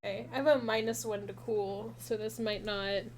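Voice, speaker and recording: A woman's voice: mid-range voice, fairly even intonation, moderate pace, rough recording. Hesitant woman playing a tabletop game. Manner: casual, thinking aloud, hesitant. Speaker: player.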